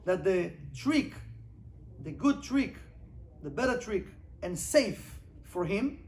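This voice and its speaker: High-voiced man teaching Kabbalah. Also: slight background noise. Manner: animated, rhetorical questions, reads Hebrew quickly then translates. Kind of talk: informal class lesson.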